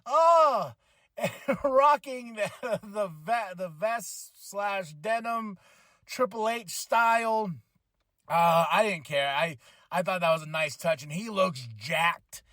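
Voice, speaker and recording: A fired-up man hosts his podcast, with a fairly high voice that jumps into excited shouts. The recording is close and completely dry. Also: takes it slowly, no room sound. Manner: enthusiastic, animated, shouts in excitement. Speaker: podcast host. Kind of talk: excited wrestling recap.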